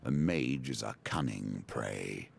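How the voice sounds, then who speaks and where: An actor voicing a sinister ancient card dealer in a video game, with a gravelly voice. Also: male voice, expressive, slow, full character voice. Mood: ominous. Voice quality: gravelly, very deep.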